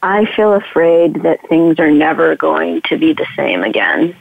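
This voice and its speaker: Woman over a tinny phone call, slow and hesitant, raw, kinda low voice. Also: sing-song, creaky, no echo. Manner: halting, hesitant, emotionally raw. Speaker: session participant. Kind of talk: emotional coaching session. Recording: tinny phone line, dry.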